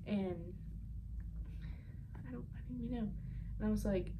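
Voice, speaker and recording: A woman's voice: mid-range voice, normal speed, pauses often, background noise. A young woman telling a story in a casual vlog, chatty and exasperated, full of "like.". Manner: chatty, exasperated, heavy use of "like". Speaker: vlogger.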